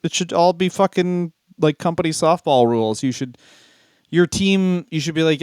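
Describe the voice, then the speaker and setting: A man's voice: on the high side, moderate pace, a little mellow, clean tone, dry recording, studio quality. A man co-hosting a comedy podcast in casual chat, joking, swearing and laughing often.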